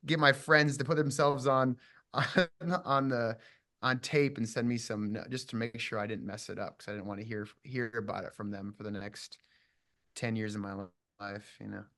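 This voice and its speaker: A man's voice: lowish voice, steady tone, moderate pace, pushed and bright. Reflective, rambling man in an interview. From southern Minnesota. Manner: reflective, rambling, full of restarts and fillers. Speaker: actor guest. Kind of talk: casual interview chat.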